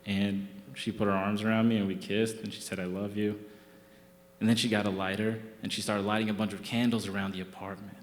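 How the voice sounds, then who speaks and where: A man's voice: on the low side, level tone, fast talker, hardly any pauses. A young man telling a comic true story from his own life on stage, in a wry, conversational, self-mocking way. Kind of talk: live comic personal storytelling. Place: theatre stage. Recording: roomy theatre reverb.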